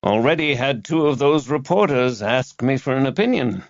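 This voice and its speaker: Soft New England earl played by a man, courteous, lively. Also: mid-range voice, moderate pace, dry recording, highs cut off, voice pushed up, lightly acted. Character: gentle American earl, soft-spoken scholar.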